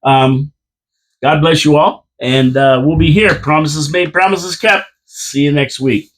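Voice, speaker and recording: A man's voice: a little high, measured pace, a bit bright. Confident man making hockey predictions. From Canada. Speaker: podcast co-host. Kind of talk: casual sports chat. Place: radio studio.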